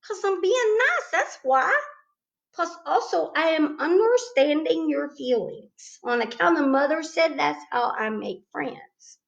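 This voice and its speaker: A woman puts on a chatty little schoolgirl, high and bouncing all over the place, eager and pushy in an earnest way. She sounds bubbly and a bit bossy. The recording is slightly dull and lo-fi. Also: expressive, measured pace, vocal fry, exaggerated voice. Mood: chirpy.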